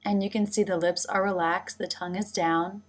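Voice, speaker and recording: A woman's voice: mid-range voice, fairly even intonation, normal speed. A woman narrating a pronunciation lesson, speaking carefully and demonstrating each sound. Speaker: pronunciation teacher. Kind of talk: scripted instructional narration.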